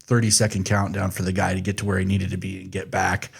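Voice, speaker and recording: A man's voice: low voice, monotone, fast, creaky, slightly rough. A man hosting a podcast in an easygoing, joking, informal way. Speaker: podcast host. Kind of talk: casual podcast chat.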